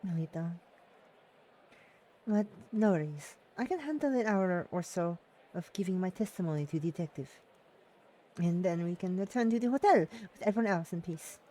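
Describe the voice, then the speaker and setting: A streamer voicing a worried older uncle with a put-on accent, reassuring and measured. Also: medium pitch, lively intonation, mellow, close to an everyday voice.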